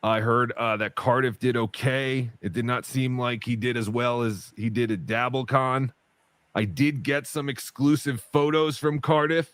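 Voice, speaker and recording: A podcast co-host chats casually in a steady, unhurried, mid-range voice with a slightly bright quality, recorded dry. He rambles, using plenty of fillers and side comments.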